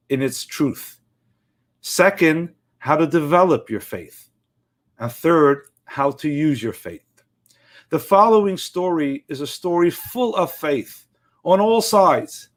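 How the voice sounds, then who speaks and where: A man tells an inspirational story in an earnest, emphatic way, with measured phrasing. His voice sits a little high for a man. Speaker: inspirational speaker.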